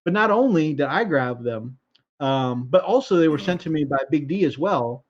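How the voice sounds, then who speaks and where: High-pitched dude reading chat on a stream, kinda dull lo-fi sound. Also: male voice, animated, moderate pace. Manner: laughing, reading chat comments. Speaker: livestream co-host. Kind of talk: casual chat.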